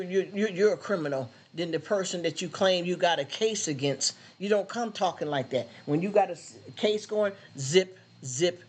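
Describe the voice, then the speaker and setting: A man hosting a casual live stream, talking bluntly in street slang and often repeating words as he chats with viewers. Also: high voice. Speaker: livestream host.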